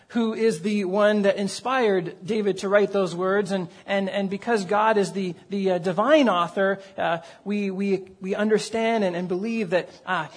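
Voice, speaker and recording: A man preaching a sermon as pastor, earnest and conversational, with frequent fillers and repeated words. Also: sits high.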